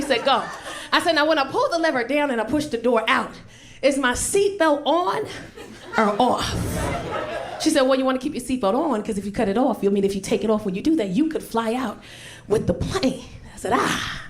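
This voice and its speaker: A woman in her forties doing a loud, profane stand-up set at a comedy club, telling stories brashly into a handheld mic. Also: fairly high pitch, animated, normal speed, crowd noise. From Los Angeles. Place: comedy club stage with a laughing audience. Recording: noisy live club recording.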